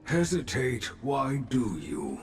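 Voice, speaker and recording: A wise old craftsman in a game, calm and measured, who puts his words in inverted order. His lowish voice rises and falls widely and unhurriedly, and music plays clearly beneath him.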